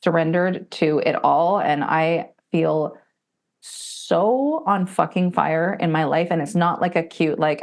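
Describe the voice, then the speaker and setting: A woman in her forties, a podcast guest, telling her story in blunt, profane and animated talk, and acting out other people's voices as she goes. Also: lowish voice, takes it slowly. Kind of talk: candid conversational storytelling.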